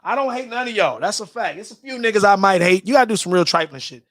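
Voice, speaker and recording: A man hosting a live stream, ranting and joking in a loud, profane, laughing way that breaks into shouted bits. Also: sits high, lively intonation, fast talker, dry recording, studio quality. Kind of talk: loud comedic rant.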